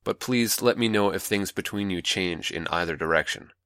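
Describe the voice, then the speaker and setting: A man playing a manipulative older male mentor, calm, patronizing and coaxing, in a dry close recording. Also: low-pitched, normal speed, clear, resonant tone, no room sound.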